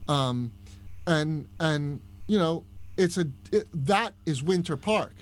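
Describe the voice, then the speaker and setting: A man with a Long Island accent, a podcast guest telling stories in a casual, animated chat. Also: a little high, slow pace. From Long Island, New York. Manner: storytelling, animated, with restarts. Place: Orlando, Florida.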